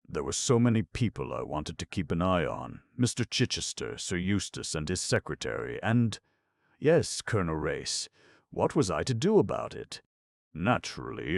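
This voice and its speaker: A man with a low voice narrates an audiobook in a measured, even storytelling manner. The recording is dry and of studio quality.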